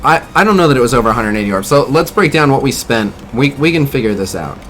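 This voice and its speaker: Quick and expressive, this medium-pitched man has a fairly bright tone, with slight noise in the background. Streaming a mobile game, he chats freely, critiques mildly and replies to his audience.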